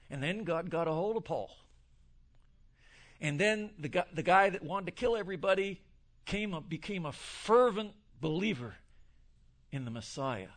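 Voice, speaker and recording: A male preacher with a high, bright voice that swings widely up and down. He preaches in rambling fashion, sliding into quick joking asides. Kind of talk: sermon. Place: church in Texas.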